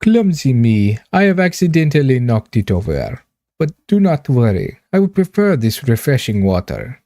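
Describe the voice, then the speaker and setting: A man's voice: medium pitch, huge pitch swings, normal speed, dark tone, dry recording, studio quality. Man putting on a haughty older lady, foreign accent. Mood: prim. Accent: put-on Russian-tinged.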